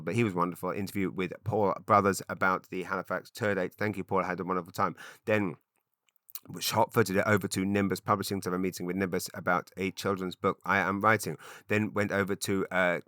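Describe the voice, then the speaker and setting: A man hosts a solo podcast, rambling in a chatty and self-mocking way. His voice is bright and forceful but sits low, and the room sounds dry and close. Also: clear, resonant tone, dry recording. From Britain. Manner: chatty, self-mocking, with frequent ums and restarts. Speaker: podcast host and comedian.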